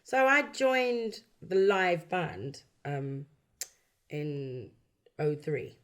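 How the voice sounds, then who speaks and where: A London woman in her early forties, a backing singer and songwriter, telling stories from her career in a relaxed interview, acting out quoted voices and laughing often. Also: low-pitched, drawn-out words. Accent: London English. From London, England. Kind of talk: casual chat.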